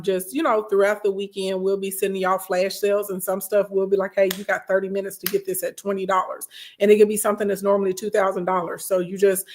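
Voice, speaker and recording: A woman hosting a casual livestream as a business coach, blunt and chatty, often asking "okay?" and scolding her followers. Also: mid-range voice.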